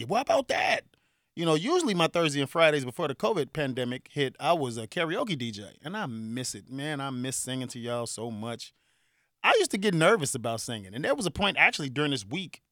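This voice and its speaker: A man in his forties from Chicago with a Chicago accent, hosting a casual solo podcast, animated and joking, laughing often. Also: mid-range voice, no room sound, clean studio sound. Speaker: podcast host.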